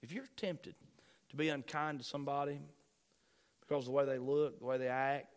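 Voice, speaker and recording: A pastor preaching a sermon, reading scripture aloud and repeating key phrases with rising emphasis. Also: male voice, medium pitch, fairly even intonation, fairly quick, clean tone.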